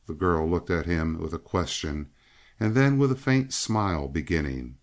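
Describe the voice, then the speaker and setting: Deep-voiced expressive male audiobook narrator. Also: moderate pace. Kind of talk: scripted narration of a western novel.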